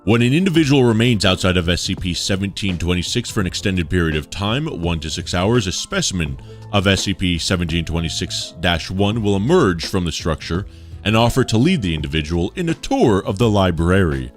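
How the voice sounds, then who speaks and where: A man's voice: low voice, animated, a little fast, soft background music. A man reading articles aloud on a livestream, chatty, with asides to his chat.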